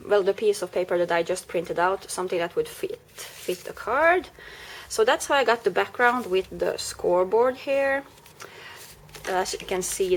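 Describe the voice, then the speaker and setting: In a casual craft tutorial, a woman chats her way through a project step by step, correcting herself here and there. She has a mid-range voice, and there's slight background noise.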